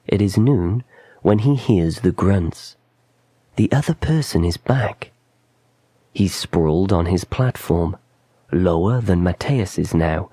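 Slow deep-voiced male storyteller. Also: mellow, dry recording. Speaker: story narrator. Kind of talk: scripted narration.

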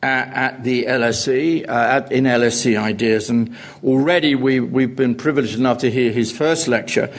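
A man's voice: mid-range voice, fairly even intonation, normal speed, hardly any pauses. A man at a lecture introducing the speaker, genial and joking, with frequent ums and restarts. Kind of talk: formal introduction with asides. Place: lecture hall.

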